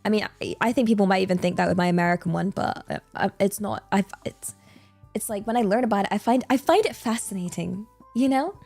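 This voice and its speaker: A woman's voice: medium pitch, fast, creaky, darkish tone, faint music behind. A woman hosting a casual livestream Q&A, rambling with lots of fillers and giggles. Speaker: VTuber streamer.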